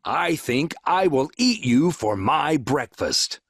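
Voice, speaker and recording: A man's voice: fairly high pitch, very animated, takes it slowly, a bit bright, slightly rough, no echo, studio quality, heavily acted. A man voicing a proud, regal, boastful male lion in a recorded storybook reading. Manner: roaring, boastful.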